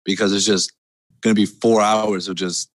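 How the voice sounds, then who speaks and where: A man chats on a podcast with a laid-back, slangy ease, laughing often. His voice sits on the lower side. The sound is dry and close. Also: level tone, moderate pace, dry recording. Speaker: podcast co-host. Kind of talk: casual chat.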